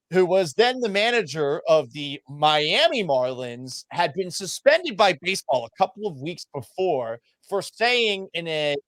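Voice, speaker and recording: A man who hosts sports radio, telling stories in a casual interview with a self-deprecating, profane, animated manner. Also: a little high, dry recording. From Massachusetts. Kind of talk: casual storytelling in a podcast interview.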